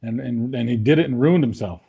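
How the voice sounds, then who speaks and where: A man interviewing a bodybuilder in casual chat, halting and repeating words with frequent "you know what". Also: mid-range voice, creaky, breathy edge, narrow, tinny audio.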